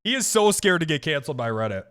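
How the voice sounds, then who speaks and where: Young man, streamer, high lively voice, bright tone, profane ranting commentary. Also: fast, clean tone. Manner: animated, profane, ranting with frequent restarts. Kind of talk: casual reaction commentary.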